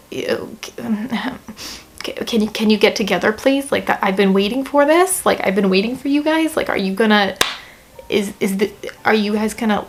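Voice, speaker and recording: A young woman chats casually to the camera while reviewing a book, her mid-range voice gushing and full of fillers and playful mock-quotes.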